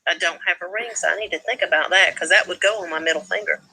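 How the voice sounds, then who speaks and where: A woman's voice: lowish voice, fast talker, vocal fry, sharp tone, breathy edge, low-quality recording. A woman casually chatting on a live stream, easygoing, with short agreeing remarks. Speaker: friend chiming in on a live stream. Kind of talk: casual chat.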